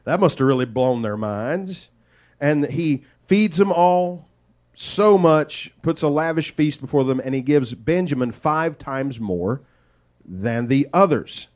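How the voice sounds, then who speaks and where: A man preaching, retelling a story in a lively, conversational way with folksy asides. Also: on the high side, slow pace. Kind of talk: sermon storytelling.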